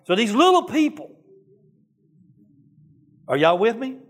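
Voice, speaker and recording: A man's voice: very high-pitched, very animated, takes it slowly, fairly bright tone. A man preaching a sermon in a folksy storytelling way, calling on listeners by name.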